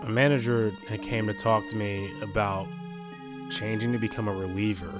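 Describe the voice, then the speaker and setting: Halting young man, low flat voice. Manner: halting, hesitant, full of "you know". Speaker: gaming YouTuber. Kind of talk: in-character role-play monologue. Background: background music.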